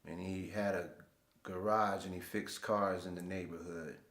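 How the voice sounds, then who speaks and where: A man's voice: deep voice, fairly even intonation, normal speed, a bit bright. Laid-back slangy man in an echoey room. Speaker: host. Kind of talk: casual storytelling monologue.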